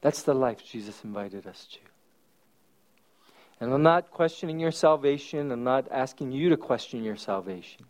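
A male pastor preaching a sermon at a church service, telling stories with swings between loud exclamations and hushed asides. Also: mid-range voice, lively intonation, normal speed.

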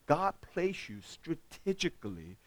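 A man preaching a sermon as pastor, speaking with dropped articles and swinging between loud outbursts and quiet asides. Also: on the high side, very animated, unhurried. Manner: plain broken English with dropped articles.

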